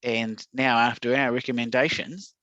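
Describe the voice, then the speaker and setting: A podcast co-host tells self-deprecating stories in casual conversation, laughing at himself. His medium-pitched voice is sharp, fairly even in intonation, at normal speed, and the recording is dull, dry and lo-fi.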